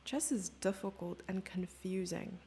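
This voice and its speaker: A woman's voice: mid-range voice, measured pace, warm tone, slight background noise. A woman from Germany giving casual, self-mocking live chess commentary, chatting with her viewers and thinking aloud over the moves.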